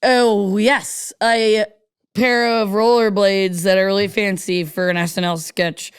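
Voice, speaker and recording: A comedian chats as a podcast guest in a mid-pitched voice. They tell loose, playful stories and slip into acted-out voices for the people in them. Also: level tone, measured pace, clean tone, no echo, clean studio sound. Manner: playful storyteller, acts out quoted voices. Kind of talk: casual comedy chat.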